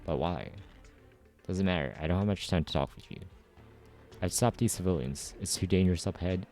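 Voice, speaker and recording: Man doing a tired police officer, curt, low and mellow voice, faint music underneath. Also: brisk. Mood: weary. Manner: curt, orders in short lines. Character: gruff male police officer, weary and curt. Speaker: reader. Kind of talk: amateur story readthrough.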